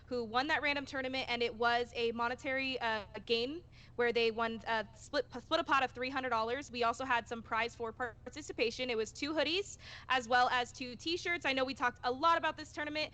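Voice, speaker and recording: A woman's voice: high-pitched, steady tone, brisk, pushed and bright. A woman co-hosting a podcast, chatting casually and giving updates about tournaments. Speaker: podcast co-host.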